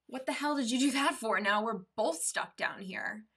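A man's voice: very high voice, moderate pace, sharp tone, breathy edge, far from the mic, exaggerated voice. A woman voicing a desperate man stuck in a hole who calls out and pleads for help, in a spoken allegory. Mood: exasperated.

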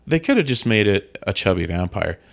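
A man with a fairly low voice, chatting casually about movies. He talks wryly and laughs often, with mock-disgusted asides. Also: very animated, fairly quick, vocal fry.

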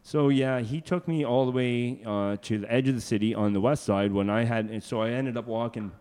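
A man spins road tales in an easygoing, rambling manner, full of fillers and restarts. His voice sits at an ordinary middle pitch. A long echo hangs on everything, as if in a hall. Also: fairly quick, a little mellow, smooth. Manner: rambling, many fillers and restarts, laughs often. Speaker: guest, hitchhiker. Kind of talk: casual storytelling.

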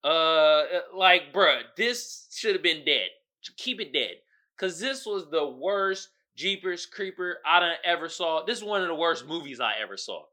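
A man hosting a casual solo podcast in African American Vernacular English, slangy and profane, swinging between muttered asides and loud outbursts. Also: fairly high pitch, lively intonation, a little slow. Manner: slangy and profane, keeps asking "you feel me?". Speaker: podcast host.

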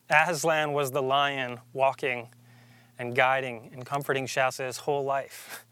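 A man preaching a sermon as a pastor, earnest and emphatic, slowing down to stress key phrases. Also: mid-range voice, flat delivery, pushed and bright, clean tone.

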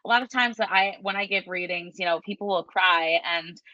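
A woman's voice: lowish voice, fairly quick, pushed and bright, no echo. A woman working as a tarot reader who chats casually on a podcast, telling stories with animation and laughing often. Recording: dull lo-fi sound.

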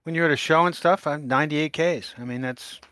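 A man speaking as a guest author in a casual interview, talking in a hesitant, halting way with many restarts. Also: fairly high pitch, sharp tone, no room sound.

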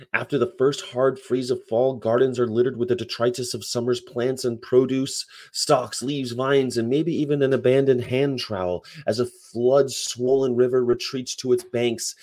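A man's voice: mid-range voice, darkish tone. A man hosting a livestream, chatting casually and rambling between topics and read-aloud definitions. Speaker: livestream host.

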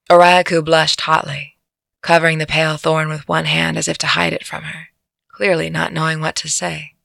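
Low, gravelly woman reading a story. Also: level tone, moderate pace, a bit bright, no echo, studio quality. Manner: breaks into laughter at her own jokes. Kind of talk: audiobook narration.

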